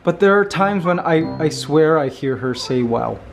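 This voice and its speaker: A man vlogging casually, playful and laughing often, cooing softly to his pet bird at home. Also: on the high side, lively intonation, normal speed, gravelly. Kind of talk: casual vlog chat. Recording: roomy echo with music behind.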